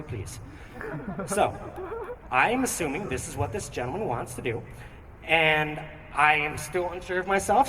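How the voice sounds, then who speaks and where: A young man performing a stand-up comedy routine with animated, theatrical storytelling on a theatre stage. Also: fairly high pitch. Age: young adult. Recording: echoey hall, distant mic, noisy.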